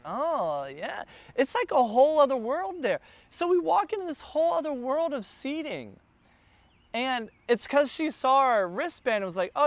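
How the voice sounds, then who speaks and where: A man telling a casual travel story, chatty and getting more excited as he goes. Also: very high-pitched, dry recording.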